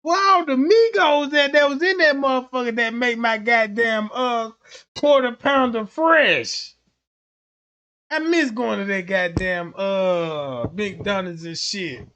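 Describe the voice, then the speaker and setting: A man's voice: extremely high pitch, slow pace, pushed and bright. A man on a livestream runs through a comedic rant full of profanity and slang. He rambles from one point to the next and keeps cutting himself off. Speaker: livestream host.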